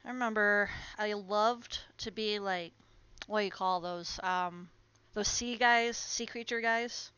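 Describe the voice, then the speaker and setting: A woman's voice: mid-range voice, fairly even intonation, slow, bright, forceful tone, clear, resonant tone, no echo. A woman chatting casually on a live stream, talking to her plants and to her viewers at home. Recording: muffled lo-fi stream audio with faint noise.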